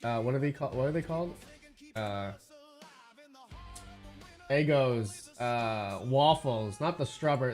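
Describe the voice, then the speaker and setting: A man's voice: medium pitch, expressive, slow, long pauses, darkish tone, soft background music. A man casually chatting on a livestream about crypto mining, rambling and searching for words, with frequent fillers and answers to chat messages. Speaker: crypto mining channel host.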